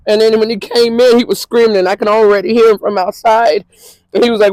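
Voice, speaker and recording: The interview guest from the Twin Cities in Minnesota talks quickly in a mid-range, slightly mellow voice, sharing emotional personal testimony in a loose, repetitive style peppered with "you know what I'm saying." The recording is dry and low quality.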